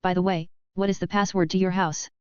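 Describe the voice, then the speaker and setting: A relaxed, wry male professor who likes to tease as a woman narrator reads him, in a very smooth, clear voice. The recording sounds dull and dry. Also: fairly low pitch, fairly quick, dry recording, natural voice. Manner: easy and wry. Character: easygoing, teasing male professor.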